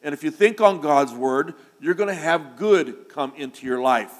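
Emphatic preacher in an echoing hall. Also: male voice, a little high, lively intonation, moderate pace. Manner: rising to loud emphatic declarations. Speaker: pastor. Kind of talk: sermon. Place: church sanctuary.

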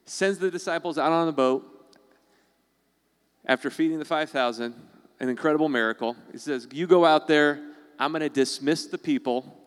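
Conversational male pastor, smooth voice. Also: medium pitch, big-room sound. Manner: conversational, acts out quoted voices. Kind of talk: sermon.

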